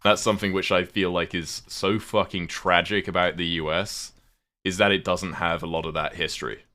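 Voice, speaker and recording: A man's voice: deep voice, fairly even intonation, normal speed, sharp tone. A British man chatting casually on a livestream while gaming, rambling, swearing offhand and thanking viewers. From United Kingdom.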